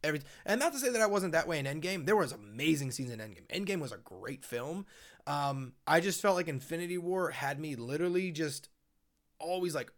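A man's voice: on the high side, lively intonation, a little fast. A young man co-hosting a podcast, chatting casually and rambling with lots of fillers. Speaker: podcast co-host. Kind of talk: casual chat.

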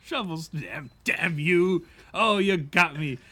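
A man's voice: on the high side, animated, slow, sharp tone, breathy edge, exaggerated voice. An improv performer playing a folksy, bumbling young Nebraska farm boy who stammers and rambles in a put-on rural Midwestern accent. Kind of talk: improvised comedy role-play.

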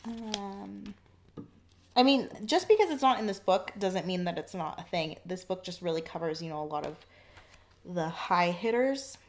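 A woman's voice: on the low side, expressive, moderate pace, a little hiss or hum. A woman chatting casually while tasting wine, self-deprecating and tripping over wine terms. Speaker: wine taster. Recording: roomy echo.

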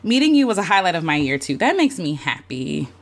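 A woman's voice: on the low side, very animated, brisk. A woman hosting a casual livestream, speaking heartfelt and openly with many fillers, greeting and thanking viewers by name, emotional and near tears at times. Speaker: content creator hosting a livestream. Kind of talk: casual live-stream chat reflecting on the year.

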